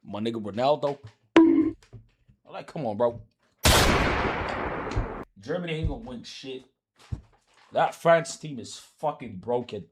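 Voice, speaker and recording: A man's voice: medium pitch, animated, unhurried, long pauses, very noisy. A man live streaming, ranting heatedly and profanely about soccer, repeating himself as he argues with his chat.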